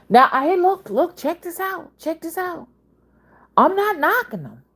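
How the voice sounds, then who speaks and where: With a very high, highly animated voice, this Southern-accented spiritual reader and channel host in her fifties unhurriedly wanders through a casual monologue, hopping between subjects.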